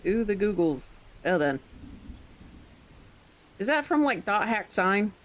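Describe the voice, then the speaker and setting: A woman's voice: medium pitch, big pitch swings, slow, slight background noise, low-quality recording. A woman streaming live, chatting casually in a rambling way, with occasional swearing.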